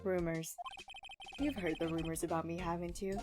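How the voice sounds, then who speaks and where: A woman voicing an aloof male prosecutor in a game, reading his lines low, quiet and dry. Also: fairly even intonation, moderate pace, over music, natural voice. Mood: cool, dry. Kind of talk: reading game dialogue aloud.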